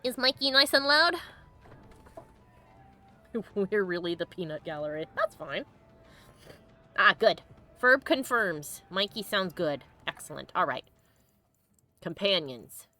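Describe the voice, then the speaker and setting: A woman streamer talks over her game in a bubbly, giggly way, a little congested. Her voice is bright and lively, with faint music beneath it. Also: mid-range voice, slow, long pauses. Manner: bubbly, giggly, chatty with viewers. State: sniffly, congested. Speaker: let's play host. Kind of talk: casual gameplay commentary.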